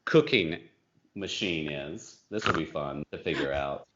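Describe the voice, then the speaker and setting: A man's voice: rumbling low, animated, unhurried, fairly bright tone, dull audio. A man chatting as a guest on a podcast, rambling and self-mocking with lots of fillers. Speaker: podcast guest, film director. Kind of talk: casual chat.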